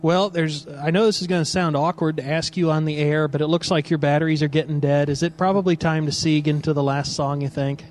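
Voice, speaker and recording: A man's voice: on the high side, fairly even intonation, a little fast, few pauses, slight background noise. Tired jokey male stream host. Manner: jokey, addresses the audience. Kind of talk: casual live-stream chat.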